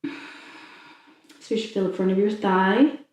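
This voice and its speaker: A woman's voice: mid-range voice, slow pace. Echoey, far-off female fitness instructor. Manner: calm, encouraging cues while demonstrating stretches. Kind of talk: guided cool-down stretching instruction. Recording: very echoey room, mic far off.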